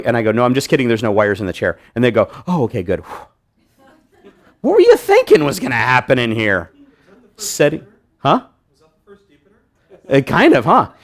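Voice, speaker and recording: A man presenting a hypnosis demonstration to a live audience, joking with volunteers and restarting his sentences often. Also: on the high side. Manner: joking, animated, many restarts. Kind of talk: live stage demonstration talk. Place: meeting room with audience.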